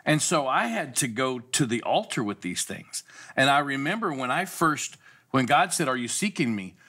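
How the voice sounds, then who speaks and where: Middle-aged guy pastor telling a story, bright voice, swings up high a lot, does little voices for people. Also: normal speed, husky. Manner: animated storyteller, acts out quoted voices. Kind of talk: storytelling in a casual talk show.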